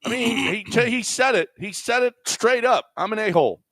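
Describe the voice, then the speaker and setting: A man's voice: very high voice, expressive, normal speed, fairly bright tone, dry recording. A man co-hosting sports talk radio, hammering his point with emphatic repetition. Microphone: studio microphone.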